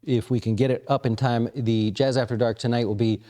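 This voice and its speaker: Man, market-commentary host, mellow tone, casual and rambling, lots of uhs, mid pitch. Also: steady tone, a little fast. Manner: conversational, frequent fillers and restarts. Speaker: investment firm host.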